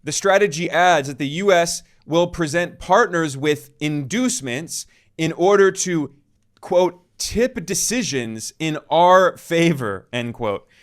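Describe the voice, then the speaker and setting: A male journalist reading a scripted news report in a measured, emphatic way. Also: on the high side. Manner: measured, emphatic delivery with quoted passages.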